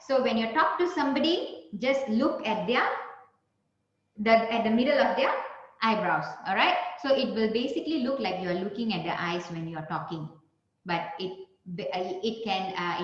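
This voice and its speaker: A woman trainer giving a lively webinar talk, stressing words and shifting her pitch up and down, often laughing. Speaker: communication trainer. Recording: very echoey, dull lo-fi sound.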